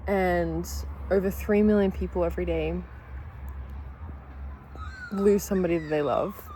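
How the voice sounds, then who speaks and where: A woman's voice: fairly low pitch, fairly even intonation, a little slow, dark tone, slight background noise, low-quality recording. Emotional, candid young woman vlogging at home. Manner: emotional, gushing, laughs through tears; candid, swears casually. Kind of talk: casual vlog chat. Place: at home during breakfast, with her dogs.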